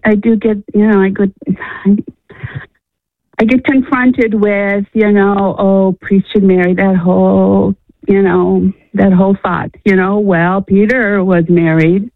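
A woman's voice: medium pitch, little pitch movement, a little slow, no room sound. A woman from Illinois calling in to a radio show, rambling with many fillers and restarts. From Illinois, USA. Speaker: caller. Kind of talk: phone-in conversation. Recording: tinny phone line.

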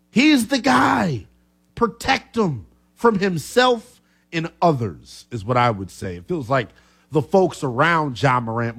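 Animated sports radio host, man. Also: medium pitch, breathy edge. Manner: lively, animated, coughing fits.

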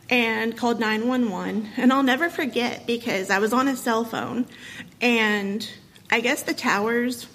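A woman in her thirties with a husky voice, telling a painful personal story to an audience, emotional and halting, with many pauses and fillers. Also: on the high side, fairly bright tone, slight background noise, low-quality recording. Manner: emotional, halting, many ums and you-knows.

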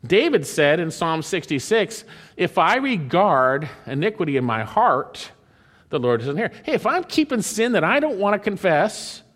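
A man's voice: high-pitched, a bit bright. A man preaching a sermon, reading scripture aloud with emphatic delivery. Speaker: pastor.

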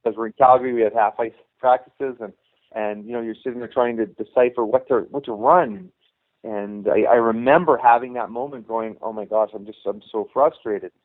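A middle-aged man tells a long, rambling story in a relaxed interview, acting out the lines of the people in it. His voice sits at an ordinary pitch and comes through a tinny, narrow phone line. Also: a little fast. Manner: rambling anecdotes, acting out quoted dialogue. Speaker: youth hockey coach, guest.

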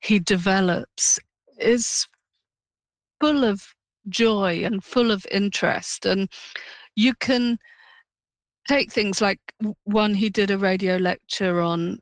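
A woman's voice: medium pitch, takes it slowly, long pauses, no room sound. A woman professor being interviewed, speaking in a thoughtful, enthusiastic way.

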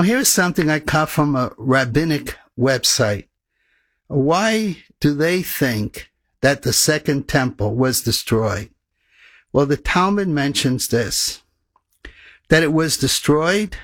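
A man preaching a sermon, reading scripture aloud in an earnest, measured way and slowing down for emphasis. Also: a little high, a bit bright, no room sound.

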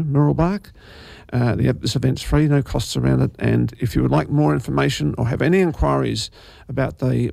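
Gravelly male radio host, dry close sound, easygoing and rambling. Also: mid-range voice, a little mellow, no echo. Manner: rambling, chatty asides with many fillers. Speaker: community radio presenter. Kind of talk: casual radio presenting.

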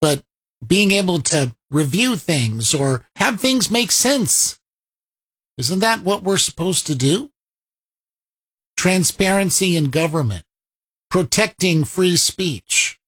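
Husky-voiced, sarcastic political commentator. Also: mid-range voice, animated, slow, long pauses, a bit bright. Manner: rhetorical questions, sarcastic quoting of opponents. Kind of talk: opinionated commentary on a played clip.

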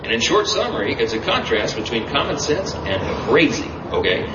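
A man's voice: mid-range voice, very animated, normal speed. A man delivering an emphatic campaign stump speech at an event, throwing rhetorical questions to the crowd. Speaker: politician speaking at a campaign event. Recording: roomy, distant, muffled event audio with noise.

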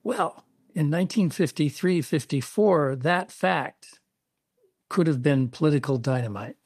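A male author being interviewed on the radio, explaining events in a measured, storytelling way. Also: on the high side, lively intonation, darkish tone, slightly rough, no echo, studio quality. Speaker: author guest.

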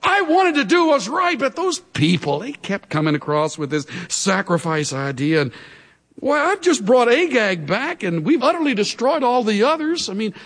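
A man's voice: very high voice, big pitch swings, moderate pace, a bit bright, pitched above the performer's own voice, exaggerated voice. A preacher voicing a defensive, whiny king who pleads and justifies himself in a raised voice. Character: whiny defensive man, a king dodging blame. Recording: long hall reverb.

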